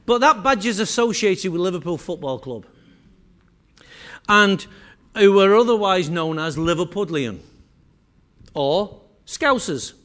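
High-pitched Mancunian man presenting. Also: lively intonation, unhurried, a bit bright. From Manchester, England. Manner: chatty, teasing, addresses audience directly. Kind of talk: jokey live presentation to a room. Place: meeting room with small audience.

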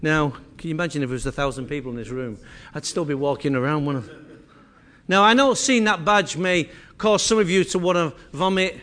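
Mancunian man with a high voice, talking to a small room, casual and teasing. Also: fairly quick, a bit bright. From Manchester, England. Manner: chatty, teasing, addresses audience directly. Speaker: presenter. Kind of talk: jokey live presentation to a room. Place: meeting room with small audience.

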